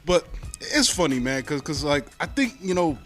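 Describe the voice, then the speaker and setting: High-voiced man gushing about a film. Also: big pitch swings, normal speed, fairly bright tone, soft background music. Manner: stammering restarts, frequent laughs, enthusiastic. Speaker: podcast co-host. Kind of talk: casual film review chat.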